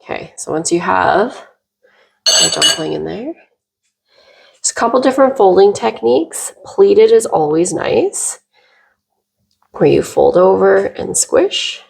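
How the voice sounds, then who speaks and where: Giggly woman explaining a recipe, gravelly edge. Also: mid-range voice, very animated, slow, long pauses, slight background noise. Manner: chatty, giggly, explains steps as she goes. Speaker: cooking vlog host. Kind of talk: casual cooking demonstration.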